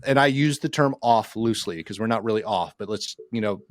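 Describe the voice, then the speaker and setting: A man's voice: on the low side, a little fast, no room sound, studio quality. A man co-hosting a podcast, chatting casually over a laggy video call and rambling a little as he goes. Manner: rambling, talks over others. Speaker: podcast co-host. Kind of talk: casual chat.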